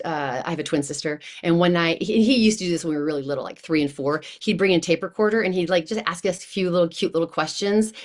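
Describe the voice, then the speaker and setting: Enthusiastic woman guest, slightly low voice. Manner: animated, enthusiastic, acts out quoted voices. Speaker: guest, coach. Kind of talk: casual interview chat.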